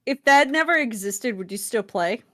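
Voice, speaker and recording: Giggly woman with a lively voice. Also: on the high side, moderate pace, no room sound, studio quality. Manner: giggly and playful, lively teasing. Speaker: podcast guest. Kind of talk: casual chat.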